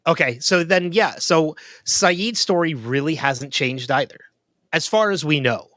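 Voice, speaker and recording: A man's voice: on the high side, expressive, measured pace, sharp tone, no room sound. Guy cohosting a tv recap podcast, lots of ums and restarts, dry close sound. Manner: thinks aloud with frequent ums and restarts. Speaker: podcast co-host. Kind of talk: casual chat.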